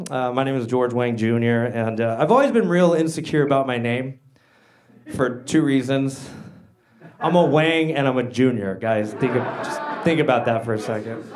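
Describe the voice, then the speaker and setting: A male stand-up comedian with a high, very animated voice performs a set on a handheld stage mic. He is excitable and slangy, and keeps calling the crowd guys and dude. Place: comedy stage before a live audience.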